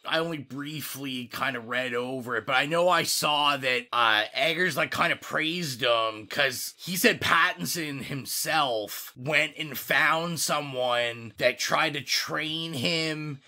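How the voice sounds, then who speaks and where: A man's voice: fairly high pitch, slow, hardly any pauses, pushed and bright. A man hosting a podcast, hedging and casual as he discusses a film.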